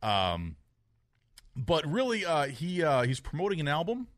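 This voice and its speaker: A man co-hosting a podcast, telling stories in a casual chat, animated and quick to laugh. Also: on the high side, no echo, studio quality. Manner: animated storytelling, laughs often. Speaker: podcast co-host.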